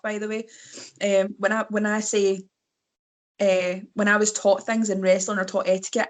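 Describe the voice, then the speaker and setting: A Scottish woman, a wrestler appearing as a guest, chats casually in a medium-pitched, slightly hoarse voice. She laughs often between her fillers.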